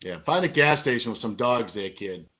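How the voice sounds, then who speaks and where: A man's voice: mid-range voice, animated, normal speed, bright, forceful tone. A man co-hosting a casual podcast livestream, bantering and joking like a hype man. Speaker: podcast co-host.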